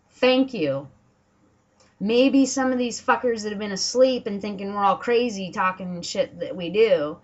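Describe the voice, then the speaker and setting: A woman vents into a muffled home camera mic, swearing freely and mocking her opponents in put-on voices. Her pitch sits in the middle range, and her indignant tone jumps up whenever she gets fired up. The audio sounds dull and lo-fi. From Washington State. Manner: profane, indignant, sarcastic mock quotes. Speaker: political vlogger. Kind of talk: angry ranting monologue. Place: home, dogs barking nearby.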